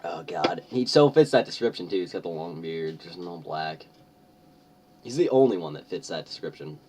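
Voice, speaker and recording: A man's voice: low voice, lively intonation, moderate pace, a little mellow, breathy edge, distant mic. A young man doing a comedic reading of a story, sarcastic and mocking, often laughing. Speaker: host.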